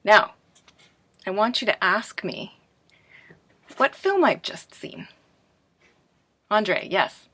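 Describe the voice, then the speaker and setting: In a staged classroom, a woman with a medium-pitched, sing-song voice that sounds pushed and bright teaches a pronunciation lesson. Her delivery is clear and deliberate, and she poses questions and answers them herself as though students had responded.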